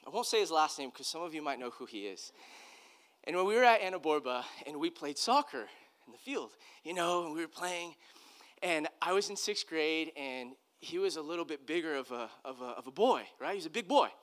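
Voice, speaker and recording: Bright-voiced man preaching conversationally. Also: on the high side, expressive, brisk. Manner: personal, earnest, loose with restarts. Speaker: pastor. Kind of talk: conversational sermon storytelling.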